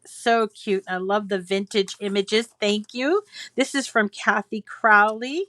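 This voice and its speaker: A woman's voice: mid-range voice, measured pace, a bit bright, no room sound. A woman hosting a crafting channel, chatting casually and gushing as she reads holiday cards from viewers aloud at home. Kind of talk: casual chat reading viewer mail.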